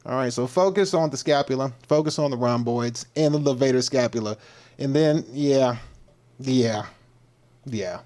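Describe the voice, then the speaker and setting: A man's voice: medium pitch, normal speed, darkish tone. A man from Texas, hosting a fitness livestream in a playful, joking manner with loose, repetitive slang. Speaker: fitness coach, livestream host.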